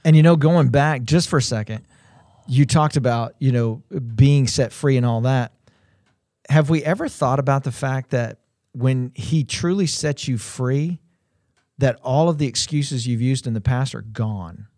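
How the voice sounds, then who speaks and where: A man co-hosting a Christian livestream, speaking in a slow, reflective way with occasional playful asides. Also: mid-range voice, darkish tone, no room sound, clean studio sound. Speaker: co-host of a faith livestream. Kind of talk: conversational Christian teaching.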